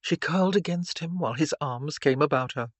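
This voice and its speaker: A man narrating an audiobook in a measured, even reading style. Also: fairly high pitch, no room sound. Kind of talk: scripted narration.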